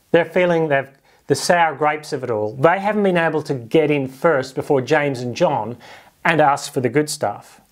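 A man with a fairly high voice, preaching in a relaxed, conversational way. He jumps into playful put-on voices when he quotes people, then settles back into easy explanation. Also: normal speed. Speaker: pastor. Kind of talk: sermon.

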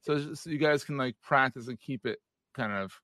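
A man in his forties hosts a casual interview, quick with a joke and laughing along at his own lines. His voice sits at a middling pitch and sounds close and dry, with no room behind it. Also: a bit bright, dry recording. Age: 40s. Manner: joking, laughs at own quips. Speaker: podcast host.

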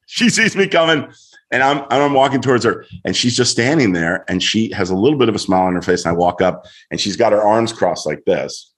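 A middle-aged man, a guest on a show, telling a story in an animated way and acting out voices as he goes. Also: fairly low pitch, a little fast. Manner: lively, acts out voices in his story.

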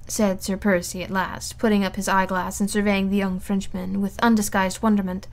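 A woman reading a classic novel aloud in a steady, even narration. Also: mid-range voice, normal speed, hardly any pauses. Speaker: audiobook reader.

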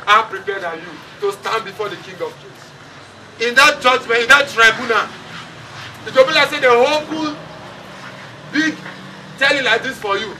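At a moderate pace with frequent pauses, a man with a very high, pushed and bright voice preaches at a funeral. His accent is Nigerian, he switches between English and Pidgin, and he calls on the congregation to respond; the distant recording carries crowd sounds and noise.

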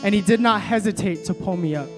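A young man with a slightly high voice preaches to a young adults crowd. He drops to a hush for scripture, then climbs to loud emphatic exhortation, and gets chatty with lots of fillers when telling a personal story. Soft guitar plays underneath. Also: fast talker. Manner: casual, many fillers when telling stories. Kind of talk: sermon.

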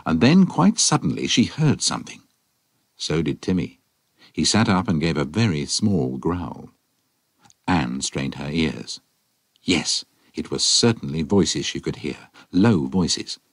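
A man reads a children's adventure as the narrator, with an expressive, storytelling delivery. His voice is very deep with a husky edge, and it rises and falls a lot. Faint music plays beneath. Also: unhurried, no echo.

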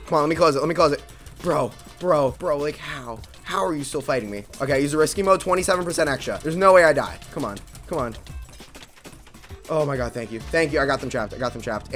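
A young man narrating his game in a bright, forceful voice that leaps up and down. He mutters under his breath, then bursts into yells and curses. Music plays faintly behind him. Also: fairly high pitch. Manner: frantic, swearing, swings from mumbling to yelling. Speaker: gaming video creator. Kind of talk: excited gameplay commentary.

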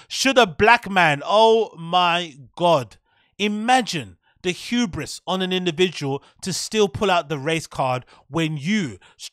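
A man hosts his podcast in a casual, opinionated way. He reads lines from an article and then picks them apart with sarcasm and indignation. His voice sits fairly high, and the sound is dry and close with no room echo. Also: a bit bright. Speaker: podcast host.

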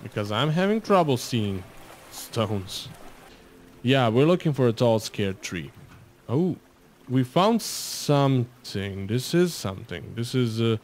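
A man's voice: medium pitch, big pitch swings, takes it slowly, a little mellow, slight background noise. A man commentating his gameplay, rambling and joking in asides to the viewer. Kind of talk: let's-play game commentary.

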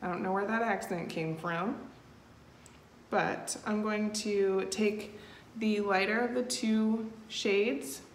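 A woman's voice: mid-range voice, steady tone, slow. A woman talking through a step-by-step tutorial in a chatty, easygoing way, with frequent fillers. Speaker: makeup tutorial host. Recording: echoey room with faint noise.

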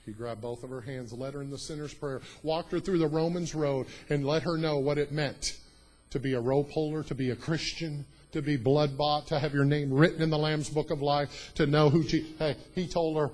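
Husky-voiced man preaching a sermon. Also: a little high, fairly even intonation, normal speed, rough recording. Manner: swings from hushed to loud, emphatic preaching. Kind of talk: sermon storytelling. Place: church.

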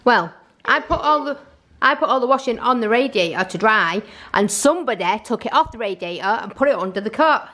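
Woman, casual home vlog, coaxing toddler, slightly high pitch. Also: lively intonation, fairly quick, a bit bright. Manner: chatty, coaxing and teasing with her toddler. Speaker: family vlogger. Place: family home, indoors.

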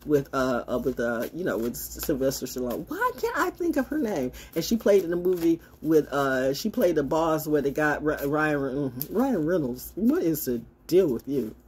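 A woman's voice: deep voice, big pitch swings, normal speed, few pauses, darkish tone, slightly rough. A woman holding a casual, brash, sassy monologue to camera as a self-styled spiritual oracle, swinging from mocking asides to blunt remarks.

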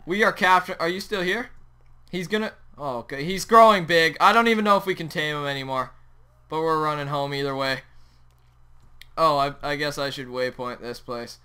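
A young man hosting a Minecraft let's play, talking excitedly over his gameplay and yelping at sudden moments. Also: a little high, normal speed, clear, resonant tone. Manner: excitable, yelps and shouts at the game. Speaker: gaming channel host.

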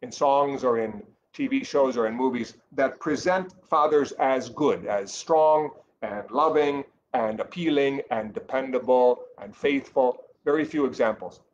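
Catechist, male, mid-pitched, earnest teaching tone with fillers and restarts, slightly muffled take with faint background noise. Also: measured pace, hardly any pauses.

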